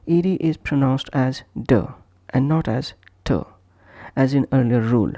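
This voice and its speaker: A man giving a scripted pronunciation lesson, slowly repeating each example word pair. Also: medium pitch, creaky, mellow, no echo, studio quality. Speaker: pronunciation teacher.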